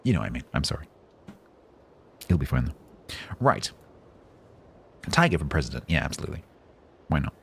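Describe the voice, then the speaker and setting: A man chatting calmly on a game livestream, rambling with fillers and restarts. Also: a bass voice, moderate pace, gravelly, long pauses, slight background noise. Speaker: game streamer. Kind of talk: casual livestream chat.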